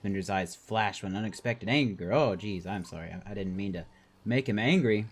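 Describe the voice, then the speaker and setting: A man's voice: fairly low pitch, moderate pace, slightly rough. A man hosting a let's play, reading game dialogue aloud with jokey asides. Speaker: gaming video host.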